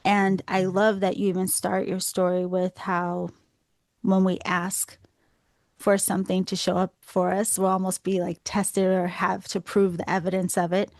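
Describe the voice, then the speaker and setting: A woman with a Boston accent hosts a podcast, her lowish voice carrying a gravelly fry. She gushes warmly over her guest, and the sound is close and dry with no room around it. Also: completely flat delivery, normal speed, dry recording. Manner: effusive, gushing with praise. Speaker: podcast host. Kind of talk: podcast interview.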